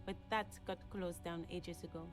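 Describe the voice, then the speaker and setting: A woman's voice: on the low side, steady tone, normal speed, over music, close to an everyday voice. An actress voicing a helpful local woman in a detective game, polite and matter-of-fact. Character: helpful local woman giving directions, casual.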